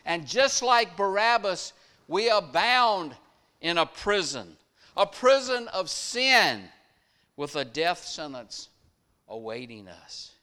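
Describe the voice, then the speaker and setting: Guy preaching real slow, voice swoops up and down, smooth and clear, big dramatic storytelling. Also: high-pitched, very animated. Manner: dramatic storytelling delivery with sharp rises and drops in loudness. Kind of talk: sermon.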